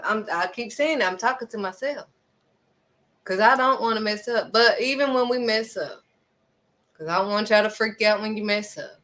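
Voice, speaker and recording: A woman's voice: medium pitch, pushed and bright. A woman speaking earnestly and conversationally, giving spiritual encouragement with dramatic little asides. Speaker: faith vlogger.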